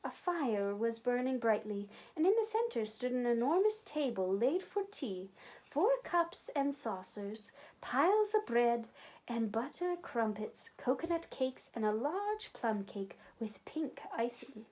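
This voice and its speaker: At a measured pace, a woman librarian reads a children's storybook aloud. Her fairly high voice swings widely in pitch as she tells the story with expressive animation.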